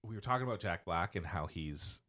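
Low-voiced man chatting on a podcast. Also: expressive, a little fast. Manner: chatty, laughs often, searches for names mid-sentence. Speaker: podcast co-host. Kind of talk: casual chat.

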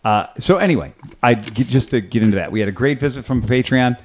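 Profane mechanic host explaining bikes. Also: male voice, mid-range voice, fast, slight background noise. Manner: profane, patient step-by-step explainer. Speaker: podcast host and motorcycle mechanic. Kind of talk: casual podcast chat.

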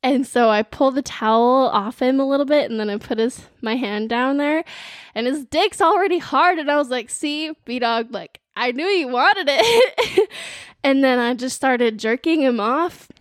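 A young woman co-hosting a podcast, telling a story in casual chat with a lively, filler-heavy manner. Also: high voice, moderate pace, no echo, clean studio sound. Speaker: podcast co-host.

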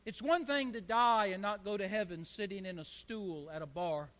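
A man's voice: sits high, normal speed, fairly bright tone, long reverb tail. A man preaching a fervent sermon in church, calling on the congregation to answer back. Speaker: pastor.

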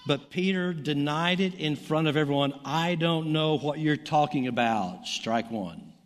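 Man, Southern American accent, middle-aged, preacher, sermon, animated scripture reading, long hall echo. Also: a little high, unhurried. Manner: animated Bible reading, voice rising for quoted lines.

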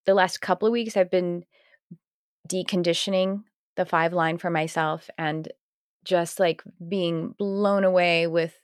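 A woman's voice: lowish voice, steady tone, a little slow, clear, resonant tone, no echo, clean studio sound. A woman hosting a podcast, chatting casually and rambling, with frequent restarts. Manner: rambling, restarts, acts out quoted voices. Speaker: podcast host.

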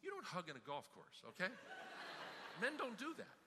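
A man pastor giving a sermon, telling a story with animated, emphatic delivery. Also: high-pitched, moderate pace, noisy background. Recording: hall reverb.

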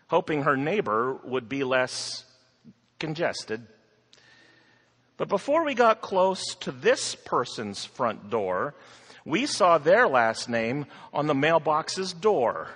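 A man narrating a rhyming story in an expressive, theatrical way. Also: mid-range voice, slow. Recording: long hall reverb.

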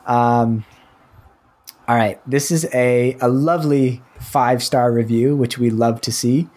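A man's voice: medium pitch, steady tone, measured pace, a little mellow. A young man co-hosting a podcast over a remote call, talking casually and with many hesitations. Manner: rambling, hesitant. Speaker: podcast co-host. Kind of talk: casual chat. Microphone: headphones with mic, remote call.

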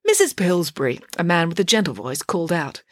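A woman narrating a children's storybook with a wry, expressive reading. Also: on the low side, fast talker, dry recording.

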